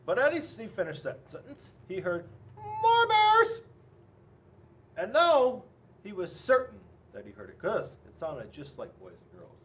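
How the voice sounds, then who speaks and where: Man reading storybooks to kids, high lively voice, a bit off-mic. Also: moderate pace, far from the mic, slight background noise. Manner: playful, animated, exaggerated storyteller. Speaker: police officer reading to children. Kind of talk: children's storybook read-aloud.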